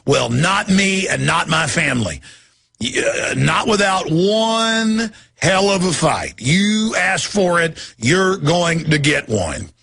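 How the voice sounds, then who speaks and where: A man hosting a radio show, delivering a fiery ranting monologue with shouting and growling outbursts. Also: fairly high pitch, expressive, slow, gravelly, slightly rough. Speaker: radio host.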